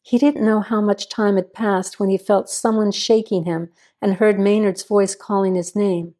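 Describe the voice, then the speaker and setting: A woman reading a crime story aloud in steady, even scripted narration. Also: medium pitch, moderate pace.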